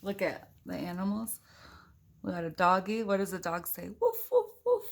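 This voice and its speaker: A woman's voice: fairly low pitch, fairly even intonation, normal speed, gravelly, a bit bright. A woman reading a picture book aloud to her children, playful and giggly, breaking off for chatty asides and animal noises.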